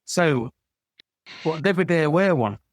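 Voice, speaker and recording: A man's voice: on the high side, animated, moderate pace, dry recording. A man, a podcast guest telling rambling anecdotes with frequent stammered restarts. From England. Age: 60s. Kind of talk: casual storytelling chat.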